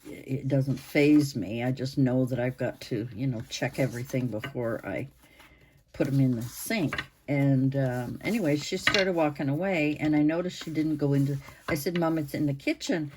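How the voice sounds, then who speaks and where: A woman in her sixties hosting her own channel, chatting to camera in a rambling way with pauses and restarts, her voice hoarse and interrupted by coughs. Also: extremely low pitch, noisy background. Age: 60s. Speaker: channel host. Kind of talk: casual chat to camera.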